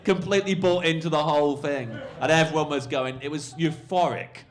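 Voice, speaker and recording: A male comedian telling a rambling, animated anecdote on a podcast, full of fillers. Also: fairly high pitch, brisk, crowd noise. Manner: rambling, animated storytelling, lots of fillers and swearing. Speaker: comedian guest.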